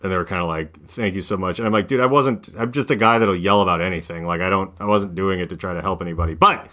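A man in his thirties talking casually as a podcast host, rambling and animated, with lots of fillers. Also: deep voice, quick pace. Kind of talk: casual chat.

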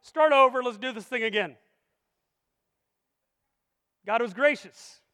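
A pastor preaching a sermon in a church sanctuary, energetic and full of rhetorical questions to the congregation. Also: male voice, extremely high pitch, fairly quick. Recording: long reverb of a large hall.

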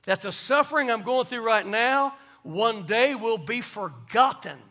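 A man preaches a sermon in a high, bright voice. He moves between hushed, conversational asides and ringing, emphatic declarations. He sounds like a pastor speaking to his congregation. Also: lively intonation, measured pace. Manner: preaching with swings from soft asides to loud emphasis.

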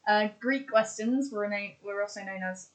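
A woman's voice: mid-range voice, moderate pace, poor audio. Woman just chatting away on a podcast, loads of ums and likes. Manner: chatty, lists examples with many fillers and restarts. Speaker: podcast co-host. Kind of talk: casual chat.

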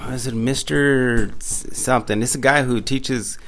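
A man's voice: mid-range voice, fairly even intonation, a little slow, a bit bright. A man hosting a casual podcast chat, laid-back and sprinkling his talk with "man" and "dude".

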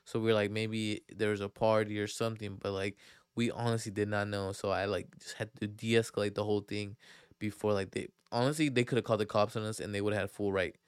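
A young man hosts a casual podcast, spinning loose, profanity-laced stories with a relaxed, self-mocking tone. His voice sits on the low side and comes across smooth and clear. The sound is dry and close, with no room around it. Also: no echo. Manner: rambling, profane, filler-heavy; laid-back, self-mocking. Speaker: podcast host.

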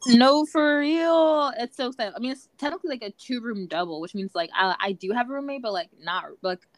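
A young woman co-hosting a podcast in casual chat, talking fast with lots of "like" fillers. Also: fairly high pitch, a little hiss or hum. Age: young adult. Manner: chatty, many "like" fillers. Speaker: podcast co-host.

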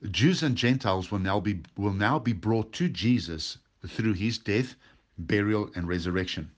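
Male pastor, lowish voice, preaching a Bible study, slow emphatic stresses on key words.

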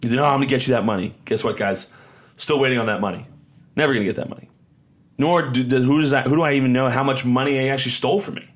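A man's voice: mid-range voice, fast. A young man hosting a podcast, telling a story in a rambling, casual way, often repeating words and acting out quotes. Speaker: podcast host.

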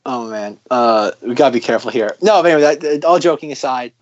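A man's voice: medium pitch, fairly even intonation, quick pace, slight background noise. Man, podcast co-host, casual joking chat, rambling restarts, dull lo-fi audio. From United States.

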